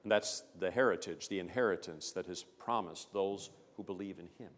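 A man preaching a sermon as pastor, emphatic, swelling loud on key phrases and dropping low between them. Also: normal speed, hardly any pauses. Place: church sanctuary. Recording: long church reverb.

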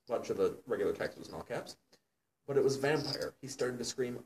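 Male comedy co-host doing a sarcastic dramatic reading, animated, slightly distant mic. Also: fairly quick, slight background noise. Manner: mocking, laughing, breaks into loud squeaky character voices. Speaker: podcast co-host reading a fan fiction aloud.

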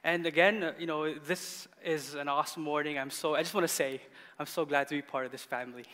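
A man in his thirties preaching a sermon as pastor, animated and often laughing as he tells a story. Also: a little high, a little fast. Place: church hall. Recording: long church hall reverb.

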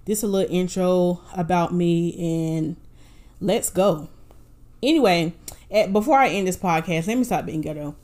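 A woman's voice: on the low side, moderate pace, darkish tone. A woman from North Carolina talks straight to her listeners on her own podcast. She is chatty and sassy, and she keeps encouraging them. She corrects herself as she goes. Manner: chatty, sassy and motivational, with laughs and self-corrections. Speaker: podcast host. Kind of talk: casual solo podcast talk.

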